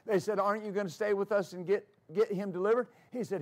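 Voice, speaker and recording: A high-voiced man delivers a sermon as a pastor. He repeats key phrases for emphasis and slips into storytelling with fillers. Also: fairly even intonation, fast, darkish tone. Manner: preaching with emphatic repetition.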